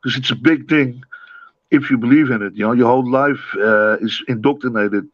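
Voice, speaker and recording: A man's voice: mid-range voice, normal speed, no echo, lo-fi sound. A man in a heated casual debate on a live online panel, defensive, repeating himself and stumbling over restarts. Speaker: panel guest. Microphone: online call.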